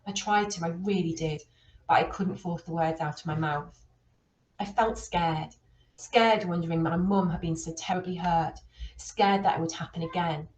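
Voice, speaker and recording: A woman reads a storybook aloud in a steady, expressive way. Her voice sits on the lower side for a woman, and the room around her adds a noticeable echo. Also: moderate pace. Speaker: reader.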